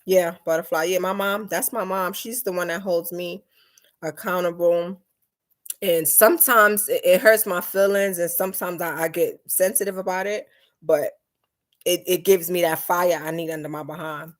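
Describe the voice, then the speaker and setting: A young woman chatting casually on a live stream, reading comments and acting out her mother's lines in a lively, talkative way. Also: lowish voice. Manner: lively, chatty, quick mood swings, acts out her mom's lines. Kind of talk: casual chat.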